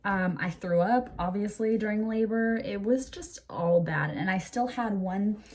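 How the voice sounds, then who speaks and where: A young woman talking casually to camera in a storytime vlog, full of fillers and "like", getting animated when she quotes people. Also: medium pitch, unhurried. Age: young adult. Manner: chatty, lots of fillers and "like"; animated when quoting others. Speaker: vlogger.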